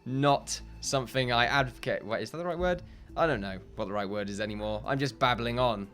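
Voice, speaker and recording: A man's voice: medium pitch, brisk, fairly bright tone, faint music behind. A man hosting a let's play video, rambling and joking and often laughing at himself as he talks. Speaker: gaming video host.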